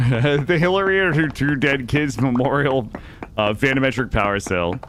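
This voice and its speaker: A man streaming a survival game live, chatting with viewers in an excitable, jokey way and arguing his case to chat. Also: mid-range voice, normal speed, a little hiss or hum. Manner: excitable, jokey, defensive with chat, yelps and laughs. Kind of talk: live gameplay commentary.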